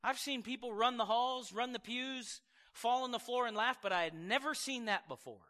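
A man's voice: extremely high pitch, normal speed. A man preaching a sermon as pastor, telling stories in a chatty way with laughing asides. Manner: conversational, laughing asides, animated storytelling. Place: church sanctuary. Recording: reverberant church hall.

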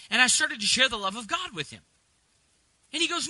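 A middle-aged man delivers a sermon in a high, ringing voice. He moves between relaxed, chatty storytelling and emphatic preaching, and the sound is close and dry. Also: normal speed, pauses often, slightly rough, no room sound, poor audio. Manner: conversational, rising to emphatic preaching. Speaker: pastor.

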